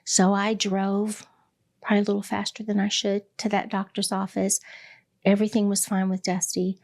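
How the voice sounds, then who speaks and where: Gravelly middle-aged woman telling her story. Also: mid-range voice, monotone, darkish tone. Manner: candid and reflective, with many pauses and fillers. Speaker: hospice director, interview guest. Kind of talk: personal storytelling in an interview.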